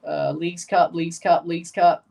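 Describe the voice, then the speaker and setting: A woman's voice: fairly low pitch, level tone, normal speed, creaky, a little mellow, distant mic. A woman hosting a live watchalong stream, chatting with opinions and reacting aloud to the plays as they happen. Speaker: livestream host.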